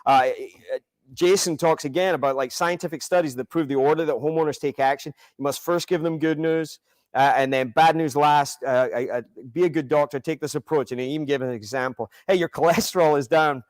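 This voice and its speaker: A man co-hosting a podcast in casual chat, talking in an enthusiastic, animated way. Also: on the high side, brisk, no room sound, studio quality. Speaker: podcast co-host.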